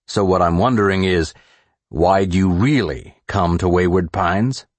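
A gruff small-town sheriff, played by a male narrator, with a very deep, gravelly growl. He speaks slowly and threateningly, like a lawman who expects to be obeyed. The audiobook recording is dry and close. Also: no echo. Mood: interrogating.

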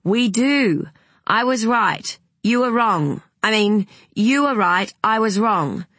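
A woman voicing a frazzled young mother who speaks sternly and in a hurry, with a breathy voice. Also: on the high side, animated, slow, fairly bright tone, no echo, pitched above the performer's own voice, exaggerated voice. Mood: hurried.

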